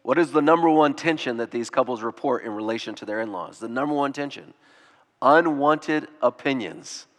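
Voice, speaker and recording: A man's voice: medium pitch, lively intonation, normal speed, fairly bright tone, big-room sound. A male pastor giving a sermon, conversational, acting out short quotes, with children of his own. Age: adult with children. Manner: conversational preaching with acted-out quotes.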